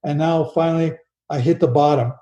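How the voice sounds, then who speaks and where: Older man telling a story, mellow voice. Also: on the high side, steady tone, roomy sound, lo-fi sound. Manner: slow, earnest storytelling with frequent restarts. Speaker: guest. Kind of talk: personal story in an interview.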